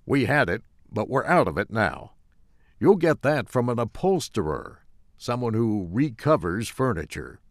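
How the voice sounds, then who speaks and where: Store clerk voiced by a man, brisk, matter-of-fact, raised pitch. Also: sing-song, no room sound, studio quality. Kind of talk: scripted story reading.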